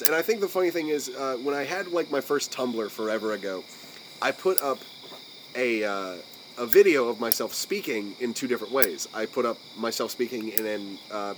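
A man in mid-pitch range chats loosely on a podcast, cursing freely as he rambles. He often trails off and restarts while hunting for the right phrase, and a faint hiss sits under his voice. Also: expressive, normal speed, rough recording. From United States. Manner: rambling, profane, searching for words. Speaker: podcast co-host. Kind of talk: casual podcast chat.

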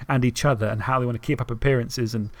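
This podcast co-host is eager about a fantasy novel, reading lines out loud and often starting sentences over during a casual book chat. He has a medium-pitched, steady voice and talks fast.

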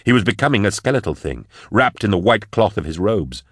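A man giving steady, measured scripted narration of an audiobook. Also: lowish voice, dry recording, clean studio sound.

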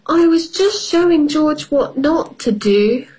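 A squeaky, bouncy little girl pig from a storybook, eager and pleading, played by a woman reading aloud. Her voice leaps up high and swoops around, full of childish excitement. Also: takes it slowly. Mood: sorry.

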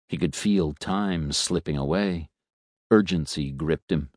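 A man reading a story as an audiobook narrator, measured, shifting voice for the characters. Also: a bass voice, no echo, studio quality. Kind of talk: scripted narration.

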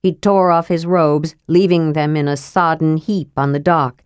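A woman narrating a fantasy audiobook in a steady, even reading voice. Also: deep voice, a little slow, clean tone, no echo, clean studio sound.

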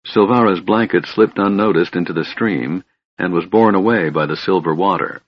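Man, fantasy audiobook narrator, measured, low-pitched, breathy, dull dry recording. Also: no room sound.

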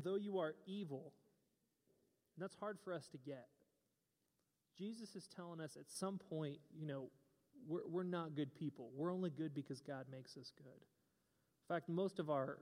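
A man's voice: on the high side, darkish tone. A young man giving a casual sermon, preaching in a conversational, joking way with playful asides. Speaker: pastor. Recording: long hall reverb.

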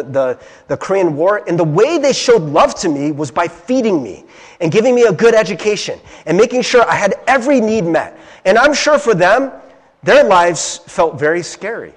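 A young man from Ohio gives a conversational sermon in a high, lively voice that swings widely in pitch. He sounds earnest and confiding, often pausing to check in with a quick "right?". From Ohio, USA. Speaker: preacher.

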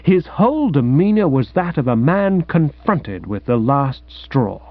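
A man narrating a comic audiobook with a lively, mock-grand storytelling manner. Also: on the high side, unhurried, no echo. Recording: dry, dull lo-fi recording.

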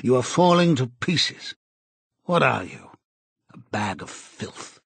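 A man voicing a cold, commanding male interrogator who speaks in a slow, measured, contemptuous way, with a husky voice. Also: medium pitch, big pitch swings, a bit bright, dry recording, exaggerated voice.

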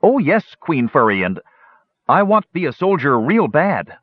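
A man voicing a simple, eager male gully dwarf in an audiobook, in a squeaky, earnest voice. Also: very animated, moderate pace, dry recording. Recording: dull lo-fi recording.

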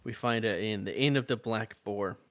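A man's voice: on the low side, normal speed, no echo. A man co-hosting a comedy podcast, reading a romance adventure aloud with playful asides and frequent laughter. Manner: animated, laughs often, playful character quotes. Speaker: podcast co-host reading a choose-your-own-adventure book. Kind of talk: casual comedic chat.

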